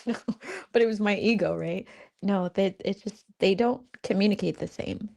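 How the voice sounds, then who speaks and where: Woman, gravelly voice, warm dark tone, rambling, giggly, casual spiritual storytelling. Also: mid-range voice, normal speed. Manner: rambling, giggly, lots of fillers. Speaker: spiritual channel host.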